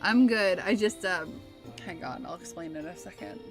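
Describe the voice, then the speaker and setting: Over music, a woman with a lowish voice and vocal fry talks at a moderate pace. She's from California's Bay Area, chatty as she streams a game, reading out her chat and laughing along the way.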